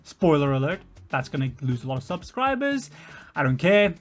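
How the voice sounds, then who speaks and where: A man's voice: fairly high pitch, sing-song, moderate pace, faint music behind. A man giving a rambling, casual reaction commentary. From Australia. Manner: rambling, chatty. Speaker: reaction video host.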